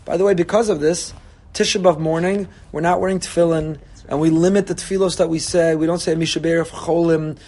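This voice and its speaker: High-voiced rabbi preaching animatedly. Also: male voice, a little fast. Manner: animated preaching, voicing God and congregants. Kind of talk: sermon.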